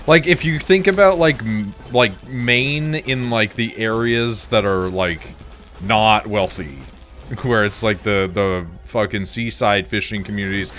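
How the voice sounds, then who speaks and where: Over faint music, a Canadian gaming streamer with a fairly low, fairly bright voice talks a little slowly. He rambles casually as he plays, swearing freely and stuffing his speech with "like."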